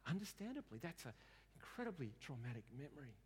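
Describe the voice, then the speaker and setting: A man's voice: on the high side, very animated, fast, husky. A man preaching a sermon and telling a story conversationally, often repeating words as he starts a sentence. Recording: long hall reverb.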